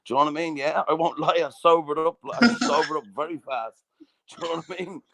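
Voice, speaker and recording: A man's voice: on the high side, fast talker, creaky, fairly bright tone. A southern Irish man telling a story in casual chat, swearing freely and constantly checking "do you know what I mean". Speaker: podcast host.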